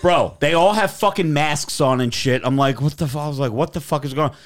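A man's voice: a little high, brisk. A young man telling a story in casual chat, swearing freely and acting out what others said. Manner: profane, animated, acts out quotes. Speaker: podcast host telling a story.

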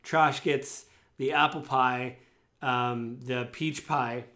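A man's voice: medium pitch, steady tone, slow pace, pushed and bright. A man narrating a tabletop game as game master, rambling with many fillers.

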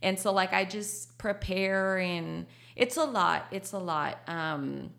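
A woman's voice: medium pitch, slow, gravelly, fairly bright tone. A woman, a coffee shop owner talking casually in an interview, laughing often and slipping into Spanish. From Texas.

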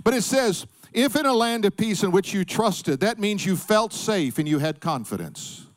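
A man's voice: sits high, animated, moderate pace. A middle-aged man preaching a sermon, emphatic, calling on the congregation to answer back. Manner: emphatic preaching with call-and-response. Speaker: pastor.

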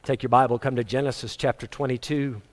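A man's voice: mid-range voice, fairly even intonation, fast talker. A man preaching a sermon to his congregation in a conversational way, chuckling and acting out quotes. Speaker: pastor. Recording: long hall reverb.

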